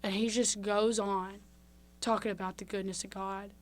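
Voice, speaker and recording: Speaking at a normal speed in a level, mid-range voice, a young Mississippi woman opens up during a relaxed podcast interview. She's frank and talkative, often restarting sentences and leaning on filler words.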